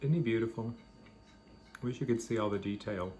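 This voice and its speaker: A man's voice: lowish voice, fairly quick, darkish tone, a little hiss or hum. A man hosting a home video, chatting casually and rambling between bites of food. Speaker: vlog host. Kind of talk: casual chat while eating.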